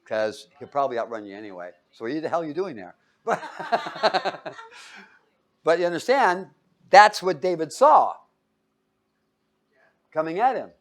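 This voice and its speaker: A lively man preaching with a somewhat high, very expressive voice that swings up and down. He tells the story in a relaxed way, keeps chuckling and asks his listeners questions. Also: a little slow, long pauses. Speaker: preacher teaching a Bible study. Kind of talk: casual sermon.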